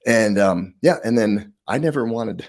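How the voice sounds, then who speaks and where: A man's voice: lowish voice, moderate pace. A middle-aged man, a podcast guest and author, chatting casually and acting out the people in his stories. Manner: animated storyteller, acts out quotes. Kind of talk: casual interview chat.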